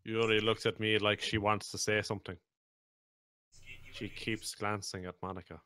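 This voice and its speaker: A man's voice: lowish voice, little pitch movement, moderate pace, bright, forceful tone, smooth. A man reading a visual novel's narration aloud on a stream.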